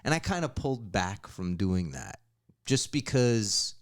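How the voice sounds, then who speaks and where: A man's voice: on the low side, big pitch swings, a little slow. A man co-hosting a podcast as a guest, rambling and reflective, with many fillers. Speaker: guest co-host, director. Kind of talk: casual chat.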